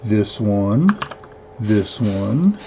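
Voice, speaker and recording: A man's voice: lowish voice, expressive, very slow, warm tone, dull audio, slight background noise. A man hosting a weekly tech livestream, chatting casually in a rambling way, counting aloud and correcting himself. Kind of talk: casual live-stream chat.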